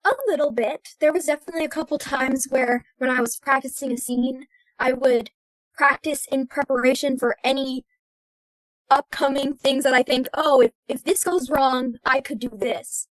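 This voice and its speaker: A woman's voice: sits high, steady tone, normal speed, no echo, rough recording. A young American woman, an actress, talking thoughtfully as a podcast guest. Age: young adult. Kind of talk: casual interview.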